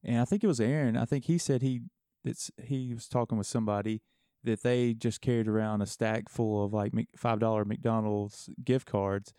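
Male co-host, lowish voice, hesitant musing, smooth and dry. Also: steady tone, moderate pace, dark tone, no echo. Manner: hesitant, thinking aloud. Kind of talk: casual chat.

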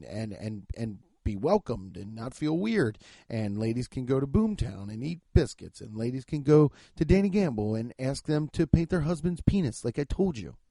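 A man's voice: mid-range voice, mellow, no echo. A man hosting a comedy podcast, reading sponsor ads in profane, over-the-top hype. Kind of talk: comedic ad reads.

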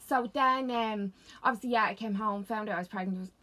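A woman with a Dublin accent chats as a podcast co-host, telling her story at a fast clip. Her delivery is blunt, and she swears freely. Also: mid-range voice, sharp tone. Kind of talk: casual chat.

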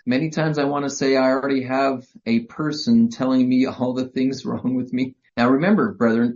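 A middle-aged man presents a live marriage workshop in a lively, quick manner, slipping into acted-out exchanges. His voice sits in a middle register and is captured on a dull, lo-fi recording. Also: medium pitch. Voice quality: energetic, quick, acts out dialogues. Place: workshop session. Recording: muffled lo-fi recording.

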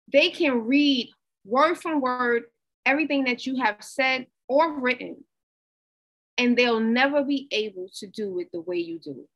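A woman giving a conversational, animated inspirational talk, repeating herself for emphasis. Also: a little high, poor audio. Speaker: motivational speaker.

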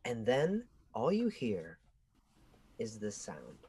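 A young man co-hosts a casual podcast chat, spinning a long story. He talks in an animated way and his voice jumps up high and loud whenever he acts out what others shouted. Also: slow pace, background noise. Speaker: podcast co-host.

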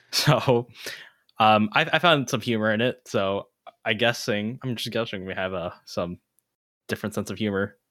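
A man co-hosting a casual book discussion podcast, low-key and laid-back in his delivery. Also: moderate pace, fairly bright tone, dry recording, clean studio sound. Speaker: podcast co-host.

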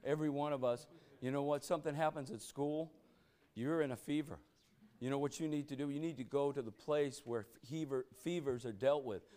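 Speaking a little fast in a warm, medium-pitched voice, this man leads an interactive Bible study as the church meeting leader. He preaches with emphasis, bursts into exclamations, and keeps asking his listeners "you know what?" among other rhetorical questions.

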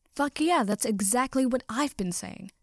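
A woman voicing a hot-tempered young male vampire who talks in a rough, snappish way. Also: on the high side, expressive, a little slow, no echo, studio quality. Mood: fierce.

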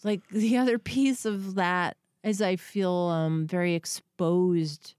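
A woman in her thirties tells a story in loose, rambling chat, putting herself down and swearing as she goes. Her voice is smooth and clear. It sounds close and dry, with no room around it. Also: on the low side, steady tone, slow, a little mellow, no room sound. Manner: rambling, self-deprecating, swears freely, acts out quotes. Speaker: podcast guest or co-host telling a story.

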